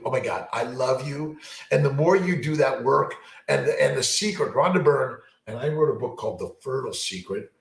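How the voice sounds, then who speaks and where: A fertility doctor answers viewer questions in an upbeat, rambling live chat, speaking at a moderate pace in an expressive mid-range voice. He's motivational but repetitive, full of fillers and restarts, and the recording is rough and reverberant.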